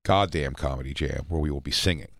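Deep-voiced man rambling through comedy banter. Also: quick pace, vocal fry, fairly bright tone, no echo. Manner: rambling, joking storyteller. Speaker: podcast co-host. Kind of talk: casual comedy chat. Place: radio studio.

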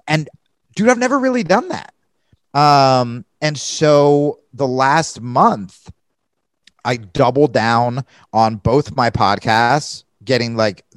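A man's voice: medium pitch, no echo. A young man in candid casual conversation as a podcast guest, rambling and swearing, often restarting his sentences.

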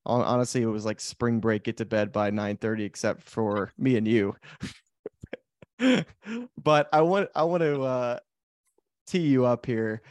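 A man hosts a podcast in a relaxed, teasing way and keeps his guest talking. His mid-range voice is recorded dry and close, with no room sound. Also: mid-range voice, measured pace, long pauses, no echo. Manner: playful, teasing, sets up questions. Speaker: podcast host, pro golfer. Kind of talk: casual interview chat.

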